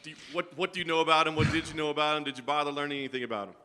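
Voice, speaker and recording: Male reporter, fast-talking, bright voice, halting questions, long room echo. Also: on the high side, steady tone. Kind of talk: interview questions.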